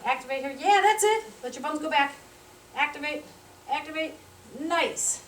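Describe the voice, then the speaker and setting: A woman, a physical therapy instructor, teaching a live demonstration and coaching a volunteer through an exercise with quick cues and encouragement. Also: high voice, lively intonation, fairly bright tone, slight background noise. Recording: roomy sound from a distant mic.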